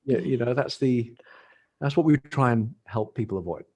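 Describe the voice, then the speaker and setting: His voice is medium-pitched, dark and a bit rough, at a moderate pace. This middle-aged Englishman, an expert on the dating industry, chats casually as a podcast guest, laughing a lot and starting phrases over.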